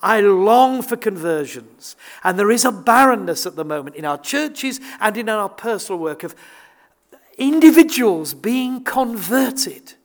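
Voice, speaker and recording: A man's voice: high-pitched, animated, normal speed, few pauses, fairly bright tone. Older man preaching; earnest, emphatic, stumbles and restarts as he presses his point. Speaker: visiting preacher. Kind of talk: sermon.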